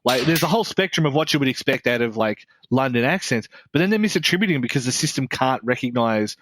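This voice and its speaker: A man's voice: mid-range voice, expressive, fast talker, a bit bright, no room sound. An Australian man co-hosting a game podcast, talking bluntly and rambling with swearing and restarts. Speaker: podcast co-host. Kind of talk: casual chat.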